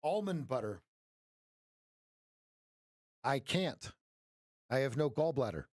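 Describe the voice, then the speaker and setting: A man's voice: medium pitch, big pitch swings, slow pace, darkish tone, no echo, studio quality. A man hosting a live trading stream, chatting casually and joking with viewers, laughing often.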